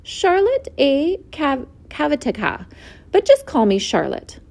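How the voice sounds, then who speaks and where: A woman voicing a kindly, calm female spider in a storybook reading, gentle and friendly. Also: sits high, unhurried, creaky, pitched above the performer's own voice, heavily acted.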